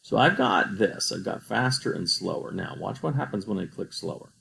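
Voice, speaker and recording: A man's voice: fairly low pitch, lively intonation, normal speed, vocal fry, fairly bright tone, low-quality recording. A man teaching a coding tutorial over a screen recording, patient and explaining each step.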